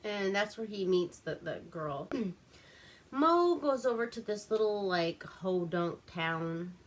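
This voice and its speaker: A woman's voice: mid-range voice, animated, slow. A woman from Alaska casually recapping a movie at home, giggling, swearing and rambling with lots of fillers. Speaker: movie reviewer host.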